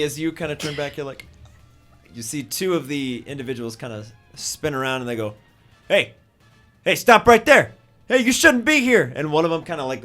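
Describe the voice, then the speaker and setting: Man, game master, casual narration, rambling, lots of fillers, tabletop game. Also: mid-range voice. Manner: relaxed, filler-heavy narration with sudden shouted character voices.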